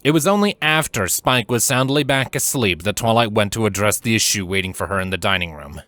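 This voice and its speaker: Low-voiced man reading a story. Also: no room sound. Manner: measured, steady storytelling. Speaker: fanfiction reader. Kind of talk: scripted narration.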